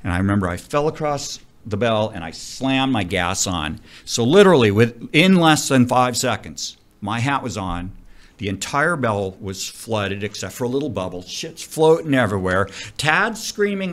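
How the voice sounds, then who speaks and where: A middle-aged man tells a story in a casual interview, his pitch leaping up and down. He swears freely and talks in a lively, colorful way, like a diving instructor recalling old jobs. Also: normal speed. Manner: animated, profane, vivid storyteller.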